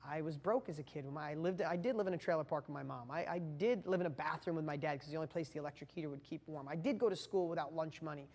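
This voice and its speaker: A man's voice: on the high side, fast, hardly any pauses, darkish tone. Impassioned male motivational speaker, reverberant. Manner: impassioned, earnest, addresses the viewer directly. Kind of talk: motivational talk to camera.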